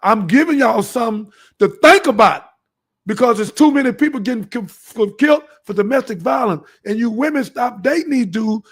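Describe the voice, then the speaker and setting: A man's voice: extremely high pitch, animated, moderate pace, breathy edge. A man hosting his own show, delivering a fervent, preachy monologue and acting out the dialogue in his stories. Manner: fervent, storytelling, acts out dialogue. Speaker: show host.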